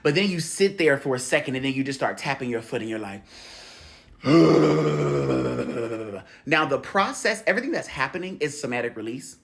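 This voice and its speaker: Profane, animated spiritual coach. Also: medium pitch, fast talker, hardly any pauses. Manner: profane, animated and laughing, slangy street talk; tells stories acting out quoted voices. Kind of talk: casual spiritual coaching talk.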